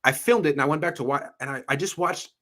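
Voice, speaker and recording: A man hosting a casual sports podcast, talking in an animated, jokey way that often trails off and restarts. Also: fairly high pitch, quick pace.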